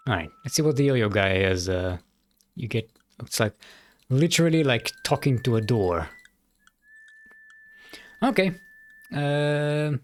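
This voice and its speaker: A game streamer talking casually as he plays, in a rambling, self-correcting way and laughing easily. His voice sits at a middle pitch but moves around a lot. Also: very animated, slow pace, pauses often. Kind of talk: casual gameplay commentary.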